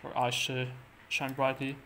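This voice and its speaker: A man casually recapping a comic book plot, halting and full of fillers and restarts. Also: medium pitch, monotone, a bit bright, slight background noise.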